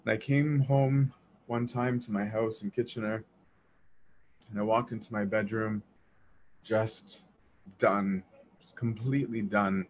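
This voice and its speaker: A man's voice: lowish voice, fairly even intonation, a little slow, long pauses, slight background noise. A man telling a personal faith story in a casual, earnest way, with self-deprecating asides and frequent restarts.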